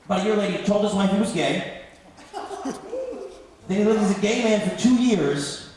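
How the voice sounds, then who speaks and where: A man in his thirties performs a rambling, self-deprecating stand-up set on a club stage, his high voice moving with lively intonation at a normal speed. The club hall is echoey, with crowd noise and audience laughter in the background.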